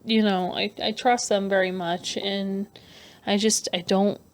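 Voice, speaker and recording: A young adult woman vlogger talking earnestly and emotionally in a halting personal rant over her speed painting. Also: medium pitch, little pitch movement. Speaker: artist vlogger.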